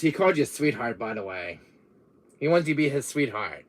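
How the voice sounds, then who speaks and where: A man live-streaming casual chat, exasperated and laughing, with loud outbursts. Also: medium pitch, sing-song, a little fast.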